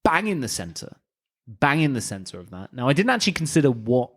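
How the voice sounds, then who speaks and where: A man's voice: medium pitch, big pitch swings, a little fast, fairly bright tone. A young man co-hosting an improvised comedy podcast, rambling and swearing as he tells a story. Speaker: podcast co-host.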